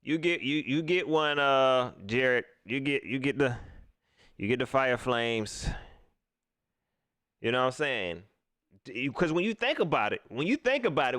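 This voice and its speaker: A man chatting on a live sports stream, his pitch bouncing up and down as he jokes and repeats himself. The sound is dry and close, with no room echo. He talks loosely and reads out viewer comments. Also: sing-song, normal speed, fairly bright tone. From South Carolina. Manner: loose and laughing, with playful mock voices and repetitions.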